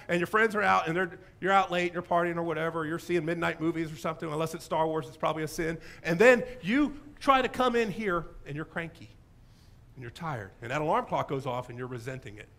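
A male pastor preaching a sermon in a church, telling a story with lively acted-out quotes. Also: on the high side. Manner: animated storytelling, acting out quoted voices. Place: church sanctuary.

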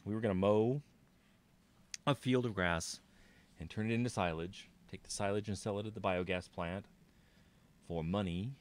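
A man with a low voice streams a farming game, casually chatting with viewers and thinking out loud as he plays. He talks at a normal speed but pauses often.

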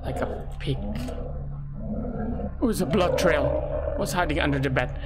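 A man commentating a horror game let's play, excitable, swearing and yelping at scares, in non-native English. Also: a little high, measured pace, gravelly, long pauses, heavy background noise. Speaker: gaming YouTuber. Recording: loud game music behind.

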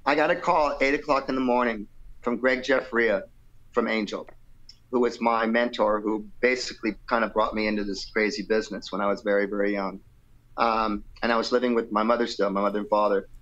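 On a lo-fi recording, a rock singer guesting in a relaxed interview spins a meandering tale, talking a little fast in a lowish male voice. He playfully mimics what others said, changing his voice for each quote, and his delivery is easygoing, padded with fillers and plenty of "you know."

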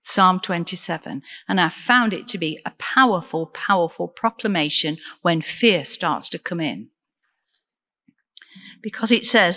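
A woman deacon preaching a sermon in an earnest, measured way, asking the congregation questions. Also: on the low side, expressive, sharp tone, in a large hall. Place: church.

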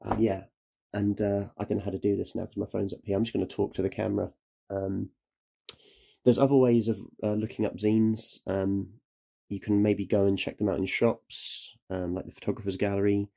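A man's voice: fairly low pitch, level tone, moderate pace, creaky, mellow. A man who is ill, chatting casually through a how-to vlog as a photographer, rambling and correcting himself. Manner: rambling, self-correcting, apologetic. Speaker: photographer and self-publisher.

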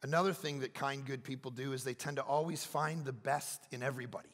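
A middle-aged male pastor, preaching a sermon with animated storytelling and loud bursts of self-mocking humor. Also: mid-range voice, quick pace. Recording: reverberant hall.

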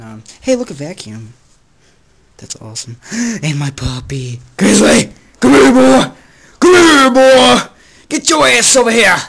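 A teenage boy ranting in a casual vlog. He is crude and jokey, gets sidetracked easily, and swings between loud outbursts and low mutters. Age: teens. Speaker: vlogger.

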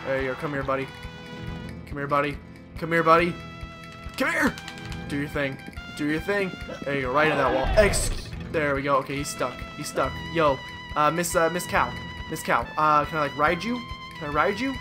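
Young man, let's play host, jokey and excitable, slightly high voice, loud game music behind. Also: normal speed. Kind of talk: casual gameplay commentary.

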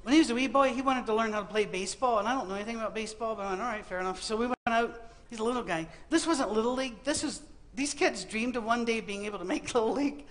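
A man's voice: very high-pitched, fast talker, hardly any pauses. A middle-aged man preaching a humorous sermon, telling Bible stories with comic asides and acting out the quotes. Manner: animated storytelling with comic asides and acted-out quotes. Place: university auditorium.

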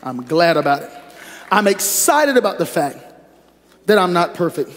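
A pastor preaching a sermon and reading scripture, with lively call-and-response that teases the congregation. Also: male voice, high voice, normal speed, pauses often. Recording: echoey hall reverb.

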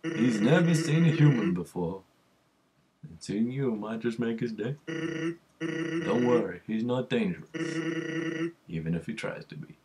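Man voicing a lazy, punning skeleton; slow and loose, lilting. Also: mid-range voice, roomy sound, poor audio. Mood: laid-back. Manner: easygoing, relaxed punning. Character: lazy joking male skeleton, laid-back. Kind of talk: fan voice-over of a game.

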